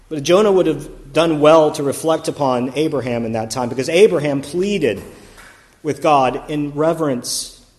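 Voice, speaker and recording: A man's voice: on the high side, big-room sound. A man preaching a conversational sermon, stopping to correct himself and reading scripture aloud.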